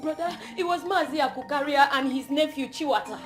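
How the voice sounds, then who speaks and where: A woman's voice: high-pitched, brisk, roomy sound, soft background music, close to an everyday voice. An actress playing a worried young sister who urges her brother not to do anything stupid, with a Nigerian accent. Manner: urgent, fretful. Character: worried young village sister, anxious and scolding.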